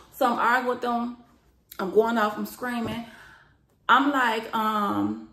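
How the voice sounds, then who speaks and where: A young woman telling a profane storytime vlog, acting out the quoted lines loudly and with lots of emotion. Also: on the high side, a little fast, vocal fry, roomy sound. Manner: animated, profane, acts out quoted lines with rising loudness.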